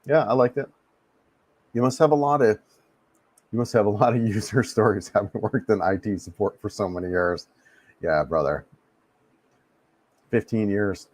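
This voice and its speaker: A man's voice: fairly low pitch, normal speed, long pauses, a little mellow, husky, no room sound. A man, hosting a casual live stream, easygoing and rambling, often repeating his words. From United States. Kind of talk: casual live-stream chat answering viewers. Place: home in the Philippines. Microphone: desk mic he adjusts.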